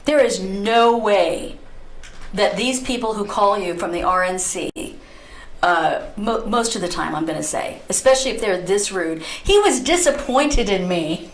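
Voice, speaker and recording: A middle-aged woman hosting a talk radio show, telling a story in a lively, chatty way and often breaking into laughter. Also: medium pitch, measured pace. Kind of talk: casual talk radio monologue. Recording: roomy echo.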